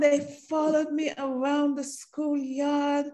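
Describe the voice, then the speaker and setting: A woman with a Jamaican accent, a singer guesting on a podcast, telling a story in an animated way, laughing and acting out voices. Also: on the high side, measured pace.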